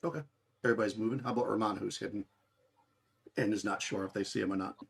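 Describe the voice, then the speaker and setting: Man, game master, gravelly, husky, rambling narration. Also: lowish voice, steady tone, fast. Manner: rambling, many restarts and fillers.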